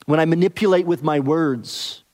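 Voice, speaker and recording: Earnest preaching man, higher voice. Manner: earnest preaching, dropping soft and slow on key phrases. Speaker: pastor. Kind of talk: expository sermon.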